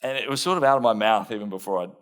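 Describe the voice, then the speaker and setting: An Australian man preaching a dramatised sermon, playing an impulsive, blunt fisherman disciple who tells his story in first person with earnest warmth and self-mocking humour. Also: on the low side, very fast. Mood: lively storytelling.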